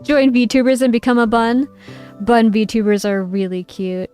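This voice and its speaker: High-voiced playful woman streamer. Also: level tone, a little slow, darkish tone, smooth. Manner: playful and giggly, reads chat aloud. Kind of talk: casual livestream chat. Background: faint background music.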